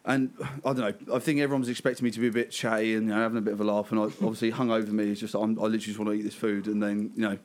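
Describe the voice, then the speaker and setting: A man's voice: fairly low pitch, little pitch movement, very fast, few pauses, a little mellow. A man around thirty, telling a laughing, sweary anecdote in casual chat among friends.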